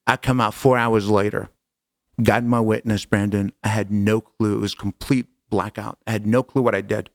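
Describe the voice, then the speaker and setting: A middle-aged man telling a personal story as an interview guest, animated and casual, acting out dialogue. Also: on the low side, normal speed, no echo. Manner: animated, acts out quoted dialogue, casual slang.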